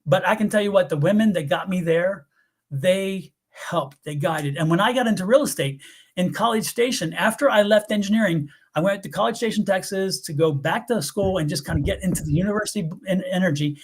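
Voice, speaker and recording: A man from the US East Coast co-hosting a live tarot stream, chatting in an animated, rambling storytelling way. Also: high voice, a little fast, husky. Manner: animated, rambling storyteller who laughs often. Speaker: tarot reader co-host. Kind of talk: casual live-stream chat.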